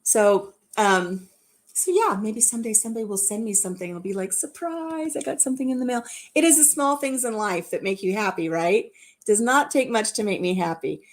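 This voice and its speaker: A woman in her fifties hosting a live chat and telling stories in a warm, chatty way, laughing at herself. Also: medium pitch, expressive, brisk. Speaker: host.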